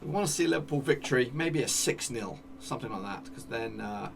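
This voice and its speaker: A man giving excitable live commentary over a football management game, cheering at goals and talking to his players. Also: mid-range voice, brisk, creaky, far from the mic, background noise. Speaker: gaming YouTuber.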